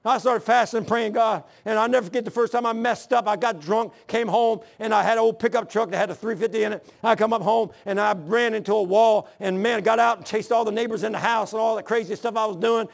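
A man in his sixties preaching a sermon in church, mixing scripture with personal testimony in a folksy, earnest storytelling way with rough grammar. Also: high-pitched, steady tone, fast, hardly any pauses.

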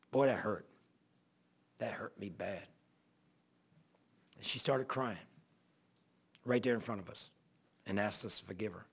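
A man's voice: on the low side, measured pace, pauses often, slightly rough. A middle-aged man, a pastor, telling a long folksy story in a rambling sermon. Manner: folksy, rambling anecdotal preaching.

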